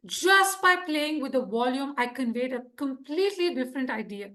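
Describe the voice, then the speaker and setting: A woman with a husky voice, giving a lively instructional talk to a speaking club and checking in with her audience often. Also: high-pitched, normal speed, hardly any pauses. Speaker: Toastmasters speaker teaching speech craft.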